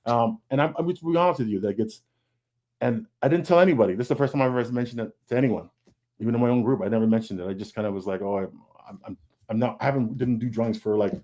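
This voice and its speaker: Speaking quickly with a dark tone and medium pitch, this male comic book artist joins a candid, casual panel talk by video call. Earnest in manner, he keeps restarting sentences, repeats himself, and performs his inner thoughts aloud through a video call microphone.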